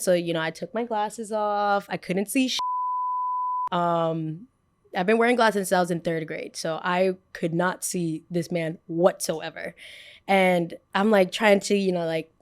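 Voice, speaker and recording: Animated woman in her twenties telling a story. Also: mid-range voice. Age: 20s. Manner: animated, acts out quotes, laughs often. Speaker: podcast host.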